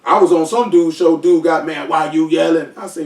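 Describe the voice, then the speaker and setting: A man leading a casual Bible study, teaching scripture with slangy, animated, joking asides, recorded at a distance in an echoey room. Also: fairly high pitch, fast.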